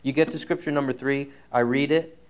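Preaching from the pulpit, a man shares something from his own life in a sincere, candid manner. He eases his pace on the important lines, and his medium-pitched voice keeps a fairly even intonation.

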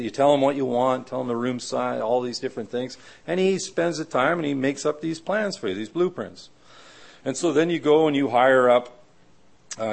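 A middle-aged man preaching a conversational sermon who keeps asking the audience "right?" and acts out the people he quotes in sudden high voices. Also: creaky. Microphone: live audio of a church talk.

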